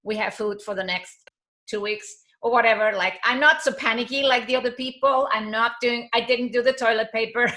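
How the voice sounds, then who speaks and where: Woman host with a bright, fairly high voice, asking thoughtful follow-ups in an interview. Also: steady tone, a little fast. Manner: short affirmations, reflective follow-up questions. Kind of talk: conversational interview.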